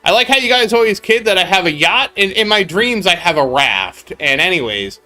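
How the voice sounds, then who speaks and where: Bright-voiced rambling gaming streamer. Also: male voice, sits high, lively intonation, moderate pace, faint music behind. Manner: rambling storytelling, chatting with viewers mid-story. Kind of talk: casual live-stream chat.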